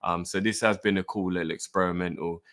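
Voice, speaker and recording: Chatty fan-show host, bright low voice. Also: male voice, quick pace. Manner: relaxed, chatty, addresses viewers directly. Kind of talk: casual live show presenting.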